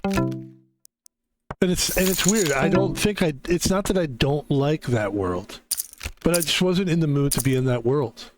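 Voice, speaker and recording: A man's voice: on the high side, lively intonation, a little slow. Tired rambling male game streamer. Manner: rambling, filler-heavy, tired and yawning. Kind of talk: casual gaming stream chat. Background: game music.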